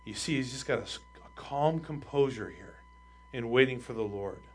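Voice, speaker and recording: A man preaching a sermon as pastor, reading scripture aloud and explaining it, growing more forceful on the readings. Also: medium pitch, expressive, normal speed, slight background noise.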